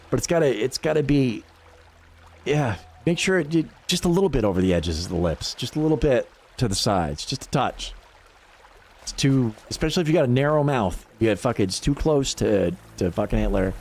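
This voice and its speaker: A man's voice: mid-range voice, a little mellow. A man chatting casually on a gaming livestream, swearing freely, rambling and laughing often between thoughts. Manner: profane, rambling, quick to laugh. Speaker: livestream gamer.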